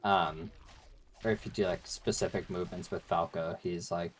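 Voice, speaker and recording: A man's voice: sits low, steady tone, normal speed, slight background noise. A man chatting casually while playing a video game, rambling through stories with lots of fillers and swearing. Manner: rambling, filler-heavy and profane. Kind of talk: casual gaming chat.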